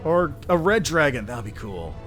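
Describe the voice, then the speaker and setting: A man in casual chat as he streams a game, reading lines aloud as he goes. His voice sits a little high. Quiet game music plays underneath. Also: big pitch swings, moderate pace. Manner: casual, offhand, reads dialogue aloud.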